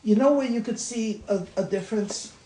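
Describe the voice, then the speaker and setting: Rabbi teaching in an echoey room. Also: male voice, sits high, moderate pace, warm tone. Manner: conversational, repeats words, laughs at own examples. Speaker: rabbi leading a class discussion. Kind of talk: informal teaching talk. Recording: echoey room with light noise.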